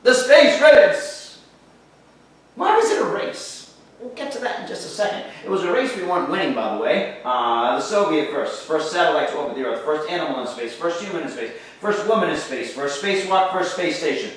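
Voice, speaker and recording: A man's voice: a little high, brisk. Sarcastic male teacher in echoey room. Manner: lively, sarcastic, addresses the class. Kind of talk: history lecture. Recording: echoey room, far from mic.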